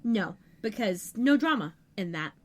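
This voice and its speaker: A woman co-hosting a podcast, chatting casually as she recaps scenes of a TV episode with quick asides. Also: medium pitch, animated, a little mellow. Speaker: podcast co-host.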